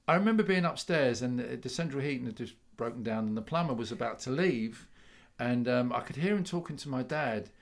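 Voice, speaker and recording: Gravelly chatty man telling stories. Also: mid-range voice, animated, a little fast. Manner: chatty, laughs often, many restarts. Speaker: musician guest. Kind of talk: casual storytelling chat.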